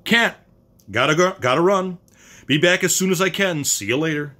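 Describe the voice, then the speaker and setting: A man's voice: fairly high pitch, moderate pace, pushed and bright, voice pushed up. A man reading a short story aloud, voicing a brash, scheming middle-aged husband who talks in a hearty, emphatic, pushy way. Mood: hurried.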